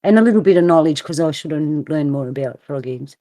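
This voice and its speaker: A woman with an Australian accent hosting a casual roundtable discussion, playful and quick to laugh. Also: low voice, expressive, mellow, no echo. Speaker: roundtable host.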